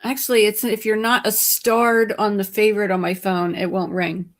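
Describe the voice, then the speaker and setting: A woman's voice: mid-range voice, moderate pace. A tired woman guest chatting casually on a live stream, rambling and correcting herself as she talks. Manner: rambling, relaxed, self-correcting. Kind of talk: casual chat.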